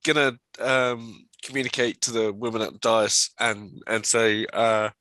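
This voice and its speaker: A man talks quietly and offhand as a tabletop player. His voice is low but bright, heard a little away from the mic. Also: level tone, measured pace, no room sound. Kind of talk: tabletop game chat.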